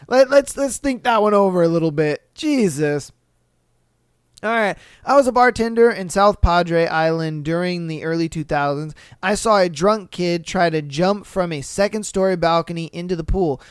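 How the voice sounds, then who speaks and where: A man hosting a podcast who reads listener stories aloud and reacts to them in an animated, profane way, acting out bits in voices. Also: sits high, clear, resonant tone, no room sound, studio quality. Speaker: podcast host.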